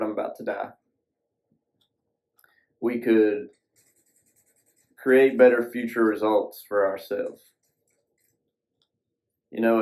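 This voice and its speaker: Solo podcast host, male, lowish voice, loose folksy ramble, some cussing. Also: a little mellow, poor audio. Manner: folksy, rambling, casual swearing. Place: sitting alone at a screen.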